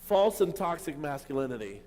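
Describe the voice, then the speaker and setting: A man preaching a sermon as a pastor, emphatic and full of rhetorical questions, swinging between loud and quiet. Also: on the high side, sing-song, normal speed. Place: church hall. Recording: long hall reverb.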